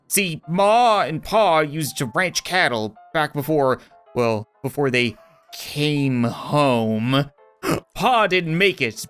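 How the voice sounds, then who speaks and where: A man voicing a bitter, weary young woman rancher from a game, speaking low and slow with halting stammers. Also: a bit bright. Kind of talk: reading game dialogue aloud.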